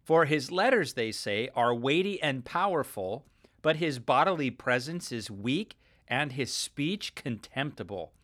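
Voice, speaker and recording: A man with an average-pitched voice teaches scripture in a relaxed, earnest, conversational manner. He chuckles now and then and speaks like a podcast host to his listeners. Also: unhurried. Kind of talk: casual Bible teaching.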